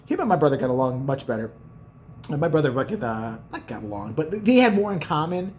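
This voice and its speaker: A man's voice: a little high, sing-song, a little fast, a little mellow, slight background noise. A man vlogging casually, telling rambling, profane, joking stories about his family. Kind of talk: casual storytelling.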